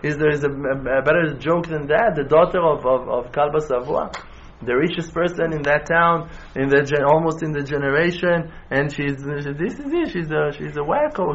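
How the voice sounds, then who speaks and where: In a dull, lo-fi recording with faint background noise, a male rabbi preaches at a moderate pace in non-native English sprinkled with Hebrew terms. He tells stories in a low voice, then swells into loud, passionate exhortation.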